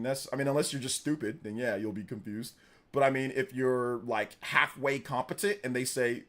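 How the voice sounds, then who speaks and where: A man's voice: fairly high pitch, a bit bright. A man hosting a live stream, chatting in a laid-back, slangy way and laughing often. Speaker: livestream host. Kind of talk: casual live-stream chat.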